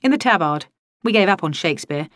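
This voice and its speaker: A harried young man, played by a woman reading a novel reports back in a brisk, joking, excitable way. The sound is close and dry. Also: fairly low pitch, no echo. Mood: wry.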